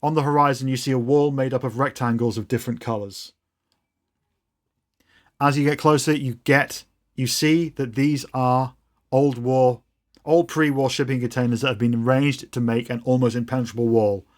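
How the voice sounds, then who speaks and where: A man's voice: mid-range voice, steady tone, normal speed. Man narrating as game master. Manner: loose descriptive narration with restarts.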